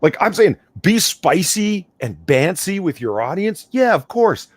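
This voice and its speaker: A man co-hosting a casual stream chat, ranting with animated energy and swearing freely. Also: high-pitched, unhurried. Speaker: co-host. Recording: dry close-miked audio.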